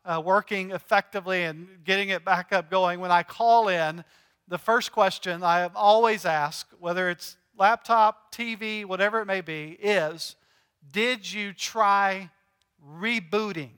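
A man's voice: sits high, normal speed, a bit bright, smooth. A male pastor preaching a sermon in a conversational, joking way, asking his congregation questions. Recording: long hall reverb.

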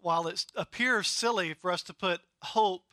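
A man preaching a sermon, emphatic and repetitive, building intensity and then dropping to a quiet, earnest tone. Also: high voice, normal speed, no echo. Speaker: pastor.

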